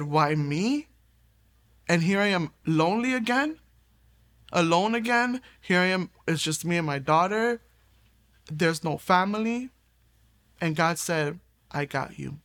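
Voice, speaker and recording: A woman's voice: on the low side, a bit bright. A young adult woman telling her personal faith testimony in an earnest storytelling way, acting out the lines of the people in her story. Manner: earnest, storytelling, quoting others, brief laughs. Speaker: testimony giver.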